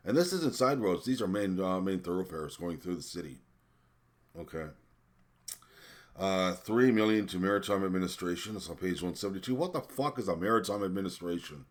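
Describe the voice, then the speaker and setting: An indignant man with a very low voice rants through a list of spending figures. He swears, trips over his words and leans on fillers as his anger builds. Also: animated, normal speed, pushed and bright. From American. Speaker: vlogger. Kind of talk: ranting commentary.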